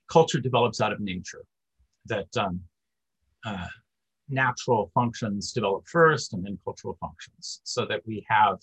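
A man's voice: fairly low pitch, fairly bright tone, breathy edge, low-quality recording. A man giving an academic lecture in a discursive way, with frequent fillers.

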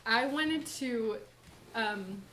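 A young woman in a church college group, giving a personal testimony and short lesson, talking softly and haltingly with many fillers and nervous laughs. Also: fairly high pitch, a little hiss or hum. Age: young adult.

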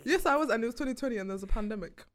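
A young woman co-hosting a podcast in a fairly high, bright voice. Her pitch swings widely as she chats, and she laughs often in a casual, lively way. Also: very fast. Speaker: podcast co-host. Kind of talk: casual chat.

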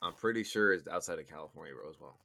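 A man in a casual chat, talking in an animated, profane and needling way. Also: a bass voice, fast talker, vocal fry, dry recording. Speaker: podcast co-host.

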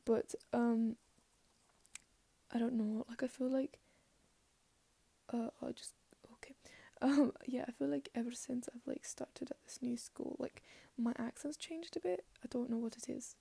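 A teenage girl rambles in a put-on Scottish accent with a dark, gravelly, fairly high voice that stays flat in tone. She talks down her own show and slips into hushed murmurs. The sound is close and dry. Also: measured pace, no echo. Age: late teens. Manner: rambling and self-deprecating, trailing into soft murmurs. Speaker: podcast host. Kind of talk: casual solo rambling.

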